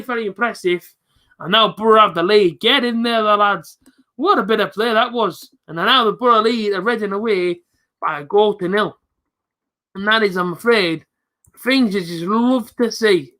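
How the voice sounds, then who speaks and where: A young man hosting a live football reaction stream, chatting casually with viewers and breaking into excited shouts at big moments. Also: sits high. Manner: chatty, jumps to excited shouting at goals, reads out viewer comments.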